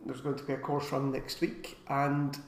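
A man co-hosting a casual live stream, chatty and rambling, with filler pauses. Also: mid-range voice, monotone, roomy sound.

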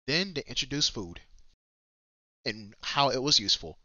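A man's voice: medium pitch, lively intonation, normal speed, long pauses, pushed and bright, no room sound, muffled recording. A man livestreaming a shooter game, giving casual, slangy and profane commentary straight to his viewers and opponents and repeating his own phrases. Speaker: livestreaming gamer.

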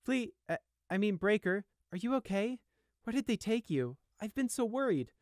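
Guy doing a scared little deer boy, high and shaky, pleading, dry close sound. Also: sing-song, moderate pace, no room sound. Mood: anxious. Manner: high, anxious and pleading, often hushed. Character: frightened young male deer, timid and pleading.

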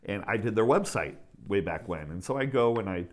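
A man's voice: fairly low pitch, expressive, brisk. Upbeat chatty male collecting host. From United States. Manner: upbeat, chatty, with frequent fillers and self-corrections. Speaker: autograph collecting channel host. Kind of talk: casual enthusiastic vlog.

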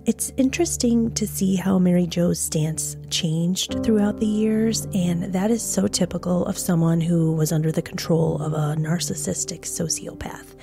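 A woman's voice: on the low side, steady tone, normal speed, creaky, hardly any pauses. A woman hosting a true crime podcast, reading a scripted narration with frank, blunt, conversational asides. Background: music.

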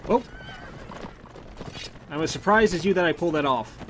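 A man's voice: on the high side, expressive, normal speed, noisy background. A man giving casual gameplay commentary, chatty and thinking aloud as he plays, often correcting himself mid-sentence. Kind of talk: casual let's play commentary. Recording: game music playing faintly behind.

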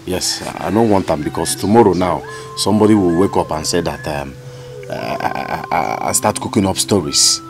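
A man's voice: deep voice, moderate pace. An actor with a Nigerian English accent playing an anguished businessman who stammers and repeats himself in distress, with film music behind. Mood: pleading. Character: anguished city businessman man, pleading and frantic. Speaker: Uchenna, a city businessman. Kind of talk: Nollywood film acting. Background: film score music.

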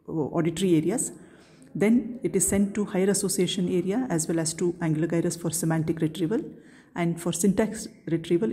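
A woman giving a recorded neuroanatomy lecture, explaining step by step in a measured way and answering her own questions. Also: fairly low pitch, dark tone.

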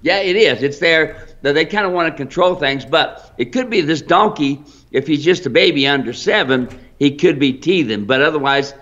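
A man's voice: on the high side, animated, moderate pace, few pauses, fairly bright tone. A man with an American accent who owns a mule ranch, giving folksy training advice on a live stream and calling viewers folks. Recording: dull lo-fi live stream audio.

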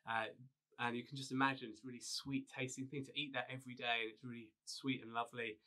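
A man pastor giving a video sermon, retelling a story in a relaxed, conversational way with frequent fillers. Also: medium pitch, quick pace.

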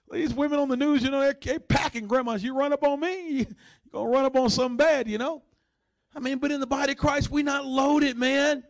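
A male pastor preaching a sermon, swinging between conversational asides and loud, high bursts, sometimes growling to act out a dog.

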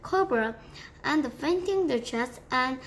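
A woman reading a children's book aloud in a slow, careful way. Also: high-pitched, animated, slight background noise. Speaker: book reader.

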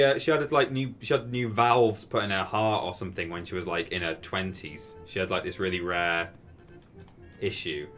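A man with a low, somewhat bright voice chats casually while streaming a video game. His gameplay commentary rambles as he tells stories that clearly amuse him.

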